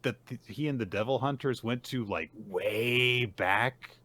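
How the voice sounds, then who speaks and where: A man's voice: mid-range voice, a little slow, a little hiss or hum. A man co-hosting a casual podcast, recapping manga chapters and acting out quotes. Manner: animated, acts out character quotes. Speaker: podcast co-host.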